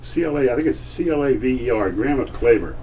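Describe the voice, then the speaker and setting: A man's voice: mid-range voice, lively intonation, mellow. Elderly man telling old family stories. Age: older. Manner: halting, searching for words, repeats himself. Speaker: grandfather telling family history. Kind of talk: casual storytelling at home. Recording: distant old home recording with faint hiss.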